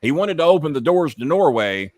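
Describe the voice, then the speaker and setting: A man's voice: a little high, brisk, no echo. A man who is a podcast guest, telling candid stories in a profane, impassioned way that grows heated as he rants. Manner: profane, impassioned, animated when ranting. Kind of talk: candid storytelling.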